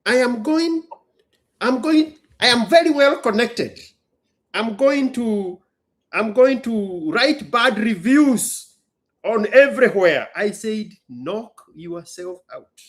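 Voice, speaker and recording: Emphatic, blunt man with a lively voice. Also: extremely high pitch, slow. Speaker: business owner and show host. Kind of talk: casual storytelling chat.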